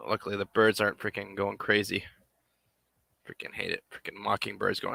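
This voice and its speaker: A man's voice: lowish voice, fairly quick, gravelly, bright, forceful tone, dry recording. A man making a puppet on a live stream, rambling casually and half to himself as he works. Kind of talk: casual live-stream chat while working.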